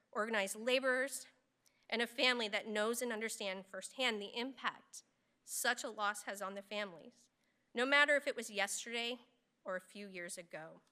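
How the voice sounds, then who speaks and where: A woman hosting a memorial ceremony, speaking in a solemn, measured way in a large hall. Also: on the high side, sharp tone, clean tone. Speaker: ceremony host.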